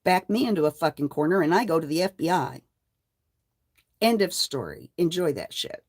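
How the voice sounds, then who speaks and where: An older woman hosting her own channel, delivering a defiant, profane rant to the camera. She moves between low mutters and loud, heated outbursts. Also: expressive, moderate pace, no echo, clean studio sound. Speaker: channel host. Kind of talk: angry livestream rant.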